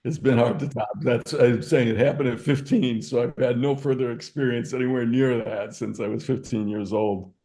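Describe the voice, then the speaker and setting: A man's voice: medium pitch, steady tone, moderate pace, hardly any pauses, warm tone. An older man from Michigan, a guest in an interview, telling reflective stories with frequent fillers. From Michigan, USA. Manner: reflective, anecdotal, with verbal fillers. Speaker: guest, entrepreneur. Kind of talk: storytelling interview.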